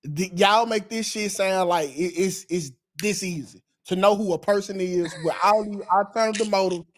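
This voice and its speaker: Very high-voiced man arguing emphatically. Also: normal speed. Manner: emphatic, profane, insistent. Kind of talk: heated casual chat.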